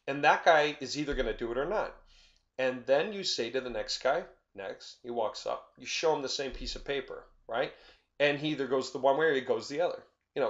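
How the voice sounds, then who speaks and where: Chatty man with slightly muffled sound. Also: mid-range voice. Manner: conversational, checks in with "right?" and "okay?"; acts out little scenes in quoted voices. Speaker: marketer pitching a software tool. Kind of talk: unscripted sales explainer. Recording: slightly dull lo-fi audio.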